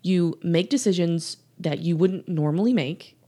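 A woman's voice: on the low side, a little slow, warm tone. A woman coach hosting a solo podcast, earnest and emphatic, repeating her key points with light laughs. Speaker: podcast host and life coach.

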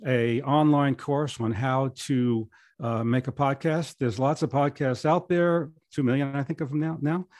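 A man's voice: medium pitch, fairly even intonation, measured pace, a little mellow, no echo, clean studio sound. Middle-aged man telling stories casually. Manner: rambling anecdotes with many restarts. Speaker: podcast guest. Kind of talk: casual storytelling.

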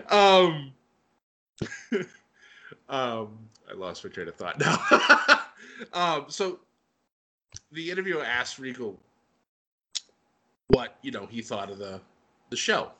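A man chatting casually and excitedly as he recaps a wrestling show, with lots of fillers and laughter. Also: mid-range voice, slow, pauses often. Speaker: wrestling podcast co-host.

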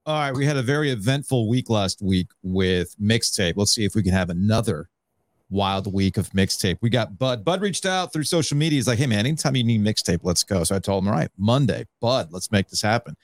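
A man's voice: on the low side, animated, fairly quick, few pauses, no room sound. A man hosting a casual sports podcast, laughing often and repeating words as he talks. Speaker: podcast host.

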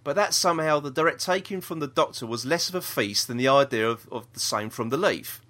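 A man's voice: medium pitch, expressive, fairly quick, sharp tone. A man with a South East London accent co-hosting a podcast, chatting and reading out a listener's email with lots of ums. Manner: chatty, reads aloud with many ums and restarts. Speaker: podcast co-host.

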